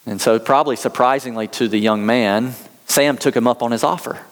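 An American man delivers a sermon, moving between earnest storytelling and scripture reading. His voice sits in an ordinary middle pitch. A long reverb rings around him, as in a large hall. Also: brisk. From United States. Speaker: pastor.

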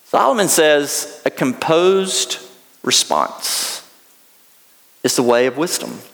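A Southern-accented male pastor delivers a sermon, reading scripture and then breaking into casual, folksy asides. His voice sits a little high for a man. The sound carries a long, lingering reverb, as in a large hall. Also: a bit bright.

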